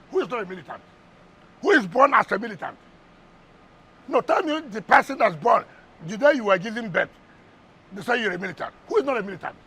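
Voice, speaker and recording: A man's voice: very high voice, pushed and bright, slightly rough. A man with a Nigerian English accent, a politician guest on a heated TV interview, firing rhetorical questions and repeating words for emphasis.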